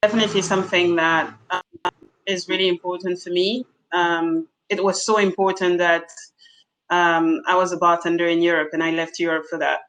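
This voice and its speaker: A woman bartender speaking frankly on a video-call panel, animated and laughing often, with many fillers. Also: fairly low pitch, moderate pace, a little hiss or hum, rough recording. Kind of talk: candid panel discussion.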